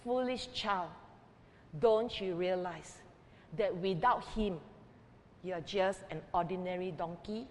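A woman voicing a gentle mother donkey who speaks softly to her foolish child. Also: on the low side, takes it slowly, long pauses, long reverb tail, slight background noise, pitched below the performer's own voice. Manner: soft, gentle.

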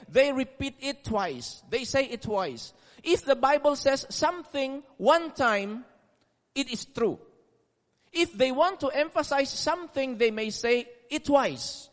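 A man preaching a sermon in a deliberate, emphatic way, repeating key words for stress. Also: very high voice. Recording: long reverb of a large hall.

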